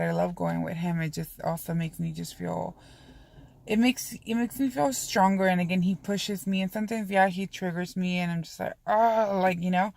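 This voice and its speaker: A woman's voice: on the low side, vocal fry, slight background noise. A woman vlogging in a casual, confessional way, rambling candidly with frequent swearing and lots of "you know" and "um". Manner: heavy use of fillers like "you know" and "um".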